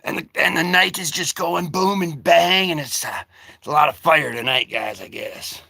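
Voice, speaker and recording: A man hosting a casual comic-book vlog, rambling and joking with sudden shouted bursts. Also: fairly high pitch, normal speed, vocal fry.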